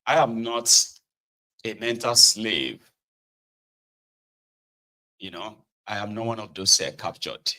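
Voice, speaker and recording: A man's voice: fairly low pitch, lively intonation, takes it slowly, long pauses, pushed and bright, rough recording. A middle-aged Nigerian man hosting a political commentary show from his own studio, lecturing his listeners in a defiant, impassioned monologue.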